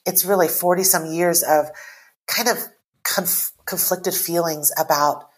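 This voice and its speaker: A woman in her forties from Taiwan, an author guest on a podcast, talking earnestly and reading her own poem aloud in measured phrases. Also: on the low side, steady tone. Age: 40s.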